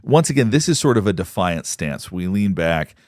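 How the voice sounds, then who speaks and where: Man, psychologist, very low voice, dry close sound, explanatory commentary. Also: big pitch swings, darkish tone, dry recording. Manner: explanatory, measured, pauses to point things out. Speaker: psychologist commenting on court footage. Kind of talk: analytical commentary.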